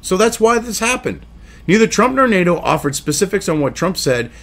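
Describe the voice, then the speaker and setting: A man with a high, sing-song voice talks fairly quickly as he hosts a political news commentary video. His rant is angry, sarcastic, and full of profanity, and he mocks others by putting on voices.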